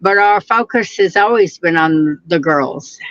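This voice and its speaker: A woman from Oklahoma, a mother being interviewed remotely, speaking in an earnest, halting, deliberate way. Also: lowish voice, fairly bright tone, no room sound, lo-fi sound. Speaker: guest, mother of a missing girl.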